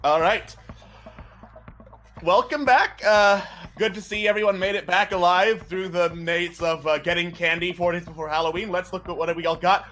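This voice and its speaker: A man's voice: high voice, moderate pace, a bit bright, faint music behind. A man hosting an in-character party game, announcing with theatrical mock indignation. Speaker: game host. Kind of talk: playful in-character group game chat.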